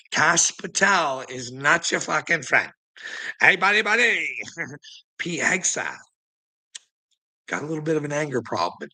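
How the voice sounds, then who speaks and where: A man's voice: fairly high pitch, big pitch swings, a little slow, long pauses, pushed and bright. A man delivering a profane, mocking rant to the camera, taunting his target and laughing between jabs. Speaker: online commentator.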